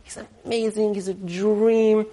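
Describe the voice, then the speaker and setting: A man voicing a dreamy young married woman who gushes about her husband in a soft, breathy voice. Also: high voice, little pitch movement, measured pace, pitched above the performer's own voice. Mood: gushing.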